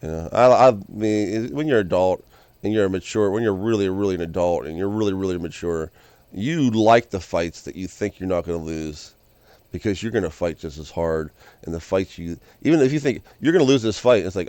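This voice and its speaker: A man talking in a rambling, excitable monologue, repeating and restarting his phrases and now and then bursting into loud yells. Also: sits low, fairly quick, dry recording. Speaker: video host.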